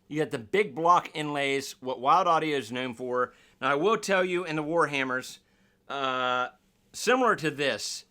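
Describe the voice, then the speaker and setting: A man's voice: medium pitch, sharp tone. A man reviewing a guitar in a casual unboxing vlog, rambling and joking at his own expense. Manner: rambling, self-deprecating, jokey.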